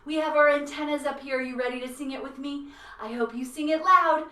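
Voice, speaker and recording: A woman's voice: sits high, fairly quick, sharp tone. A woman guiding a children's yoga class in a playful, encouraging way. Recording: roomy echo, mic at a distance.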